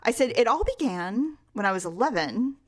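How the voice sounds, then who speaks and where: In casual podcast chat, a middle-aged woman co-host relates a family story at a moderate pace, her voice a little high. Her storytelling is animated, full of acted-out quoted voices and frequent laughter.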